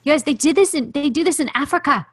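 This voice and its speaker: A woman hosting a faith-based podcast, telling stories in an impassioned, animated way. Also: high voice, fast talker, dry recording. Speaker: podcast host.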